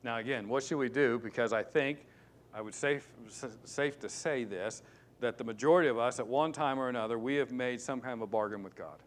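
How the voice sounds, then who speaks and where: A male pastor preaching a sermon, emphatic and repetitive, swinging between loud stresses and hushed asides. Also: mid-range voice, a little fast. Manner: repeats key words for stress.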